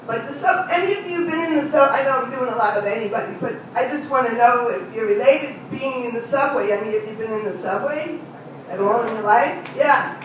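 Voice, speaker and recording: A woman's voice: a little high, a little hiss or hum. A middle-aged woman doing a stand-up comedy routine, chatting directly with audience members in a live venue. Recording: distant, echoey, muffled room recording.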